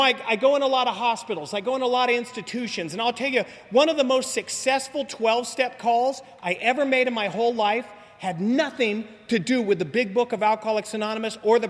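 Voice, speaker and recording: A man with an unusually high voice tells his story at a recovery meeting. He talks in an animated, slangy way and throws in casual asides. His voice rings with the long reverb of a meeting hall.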